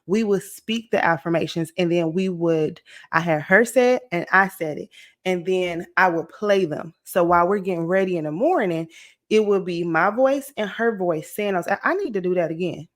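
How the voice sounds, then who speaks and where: A woman about to turn forty, giving an energetic, encouraging motivational talk to her viewers, checking in often with "okay?" and "right?". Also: lowish voice, moderate pace. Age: late 30s. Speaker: motivational vlogger. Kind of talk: casual motivational talk to camera.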